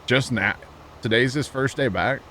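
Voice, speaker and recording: A man's voice: medium pitch, moderate pace, sharp tone, slight background noise. A man streaming a farming game, chatting casually in a joking, wry way and talking to his chat. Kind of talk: casual chat while gaming.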